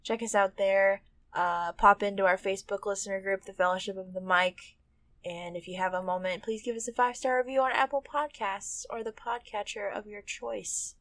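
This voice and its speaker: A woman's voice: mid-range voice, fairly even intonation, moderate pace, a bit bright, no echo. A woman co-hosting a podcast, joking and giggling in casual chat. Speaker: podcast co-host.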